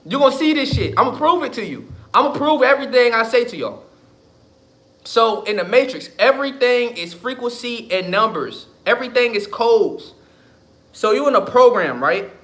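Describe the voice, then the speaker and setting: A livestream host talks casually and emphatically, cursing and repeating himself. His voice is very high-pitched, expressive, and fairly bright, at a normal speed.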